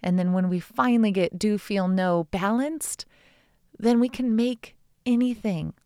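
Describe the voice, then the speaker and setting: A woman's voice: medium pitch, a little slow, dark tone, clear, resonant tone, no room sound, studio quality. A woman in her thirties hosting a solo podcast, talking in an enthusiastic, heartfelt, rambling way. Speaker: podcast host. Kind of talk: casual solo podcast talk.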